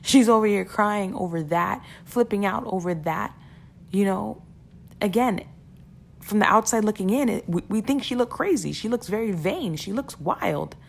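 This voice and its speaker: In a mid-range voice, a woman gives a casual motivational talk, earnestly urging listeners to keep perspective. She repeats words often and laughs between points, with slight background noise.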